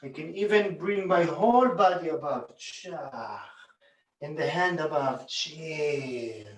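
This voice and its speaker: A man, a bodywork teacher, calmly explaining a hands-on demonstration and chanting rhythm sounds as he works. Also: fairly high pitch. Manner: calm, unhurried, counts and chants rhythm sounds while demonstrating. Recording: echoey room, voice from a distance.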